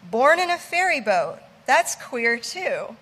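A woman voicing a brash male ship's mate who teases and commands loudly. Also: high-pitched, big pitch swings, slow pace, big-room sound, voice pushed up, heavily acted. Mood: bossy teasing. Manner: loud, teasing, commanding.

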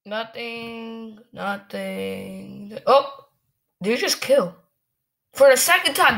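A woman gamer giving angry, cursing commentary while she plays, ranting and shouting at other players. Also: on the high side, takes it slowly, creaky.

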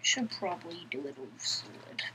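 A woman's voice: on the low side, sing-song, moderate pace, sharp tone, slight background noise, low-quality recording. A woman giving casual let's-play commentary, chatting to herself in a playful, giggly way. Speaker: gameplay commentator.

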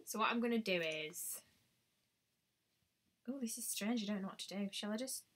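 Bright-voiced chatty woman. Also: mid-range voice, normal speed. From United Kingdom. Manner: chatty, thinks aloud, exclaims often. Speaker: beauty vlogger. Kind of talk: casual live-stream chat.

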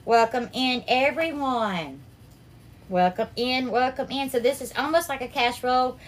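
A woman hosting a live cooking stream, warmly greeting viewers by name and calling them darling and sweetheart. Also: sits high, normal speed, a little hiss or hum. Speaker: cooking livestream host.

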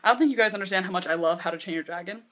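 A woman's voice: on the low side, racing, a bit bright. A woman in her twenties talking casually to a camera in her bedroom, rambling and chatty, filling her sentences with "like". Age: 20s. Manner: chatty, rambling, lots of "like" and acted-out quotes. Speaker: vlogger. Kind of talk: casual vlog chat. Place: bedroom with posters.

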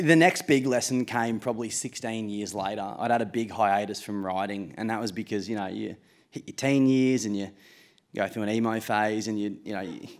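A man in his late twenties with an Australian accent, telling a true story live on stage in a casual, self-mocking way, with swearing and laughs. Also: on the low side.

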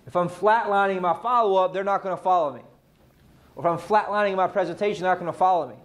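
An energetic male sales trainer with a high voice gives a live training talk in a room full of people. He quizzes his audience with a rapid stream of questions.

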